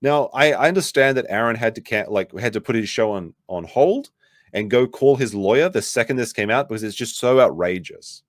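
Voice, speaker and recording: A man's voice: lively intonation, brisk, dry recording, clean studio sound. Incredulous young man ranting. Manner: incredulous, swears a lot, jumps in pitch when outraged. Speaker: commentary streamer. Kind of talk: reactive livestream commentary.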